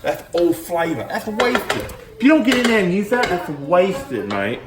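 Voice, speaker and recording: Cheeky TV chef played by a man, slangy and self-amused, lively pitch, echoey noisy kitchen. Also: a little fast, natural voice. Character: cheeky cockney-ish male celebrity chef parody. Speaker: host. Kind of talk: mock cooking tutorial. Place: home kitchen. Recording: echoey kitchen with background noise.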